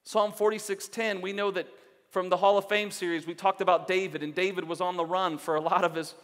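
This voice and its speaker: A man's voice: high-pitched, level tone, fairly quick, fairly bright tone, long reverb tail. A male pastor preaching a sermon in an earnest, exhorting way, repeating phrases for emphasis. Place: church sanctuary.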